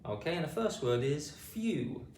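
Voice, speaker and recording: A man with a British accent teaching phonics, drawing words out slowly and saying each sound with exaggerated care. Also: fairly high pitch. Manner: lively, sing-song, exaggerated pronunciation. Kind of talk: slow, drawn-out phonics teaching. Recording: echoey room, distant mic, faint noise.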